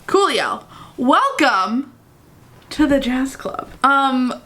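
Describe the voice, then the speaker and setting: A woman with a bright, high, pushed voice reads fan fiction aloud for her vlog. She keeps it casual, often stopping for chatty, giggly asides as she comments on the story.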